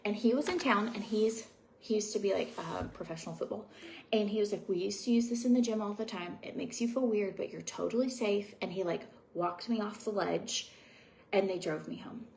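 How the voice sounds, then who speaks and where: A young woman talks casually at home while she goes through her skincare routine, rambling and confiding with plenty of fillers. Her voice has a gravelly, fry-tinged edge, and a faint hiss sits under it. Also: medium pitch, brisk, darkish tone. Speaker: beauty vlogger.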